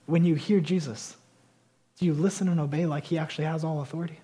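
Male pastor, sermon, high voice, husky tone, emphatic then conversational. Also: fairly even intonation, quick pace. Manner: emphatic preaching, rising to loud declarations then dropping to conversational asides.

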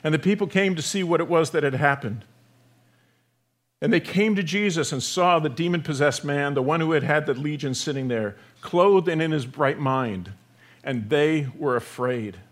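Man preaching with big swings in force. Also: fairly high pitch. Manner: dynamic preaching, swings from loud emphasis to hushed softness. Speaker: pastor. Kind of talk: sermon.

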